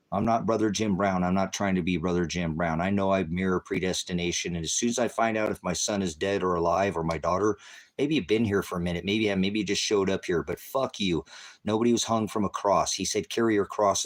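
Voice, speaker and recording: Low-voiced guy preacher ranting on a livestream, swearing nonstop, yelling at somebody in chat. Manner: heavy cursing, insulting and berating; confrontational, talks to a commenter. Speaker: online preacher. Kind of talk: angry livestream rant.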